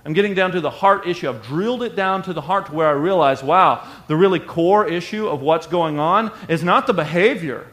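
High-voiced preaching man. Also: brisk, few pauses, fairly bright tone. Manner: conversational preaching, acts out everyday voices. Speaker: pastor. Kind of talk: sermon.

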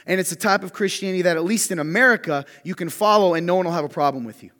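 A man preaching a sermon in a conversational, animated way with joking asides, his voice strained by allergies. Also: high voice, racing, big-room sound. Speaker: pastor.

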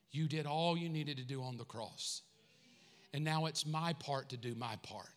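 A man preaching a sermon with a high, bright voice. He is passionate and dramatic and acts out his prayers aloud. Long reverb fills the large church hall around him.

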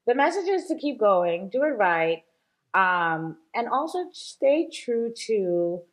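A woman's voice: medium pitch, very animated, slow pace. A woman guest in a casual interview, a shop owner talking chattily with many fillers and easy laughs.

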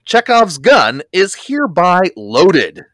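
A man co-hosting a podcast, recapping a cartoon episode with lively storytelling and wry asides. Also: sits high, takes it slowly, no echo. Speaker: podcast co-host.

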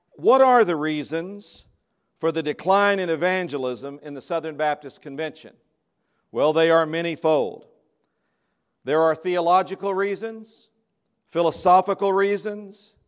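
A man with a notably high voice delivers a sermon to a gathering. He is emphatic, dropping to soft, drawn-out words and then pressing louder on key phrases. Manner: emphatic, swings between soft and loud. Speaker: preacher giving a convocation message.

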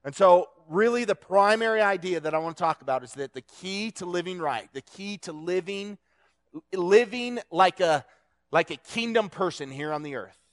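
A man's voice: high-pitched, animated, normal speed, a bit bright. A man preaching a casual, conversational sermon to a young audience, joking with them and restarting his sentences.

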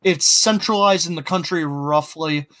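A man's voice: fairly high pitch, measured pace, a bit bright. A man in casual brainstorming chat, thinking aloud with many ums and restarts. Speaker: co-host planning a fiction podcast.

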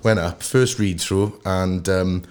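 A young Welsh man chatting as a podcast guest, telling stories in an animated way and acting out the voices of people he quotes. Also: low-pitched, takes it slowly, clear, resonant tone. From Wales. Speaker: guest actor. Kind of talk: casual podcast storytelling.

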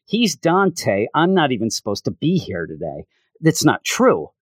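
A man acts a young man who insists he is totally fine while plainly rattled. The pitch jumps around, in a dry, close sound. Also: wildly swooping pitch, measured pace, no room sound. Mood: defensive. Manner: defensive, brushing off. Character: defensive young man playing it cool.

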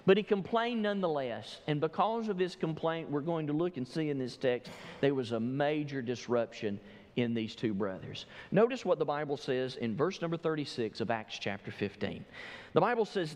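Brief: male pastor, slightly higher voice, expository sermon in a church with long reverb. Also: animated, moderate pace. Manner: expository, tells listeners what to underline. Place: church sanctuary.

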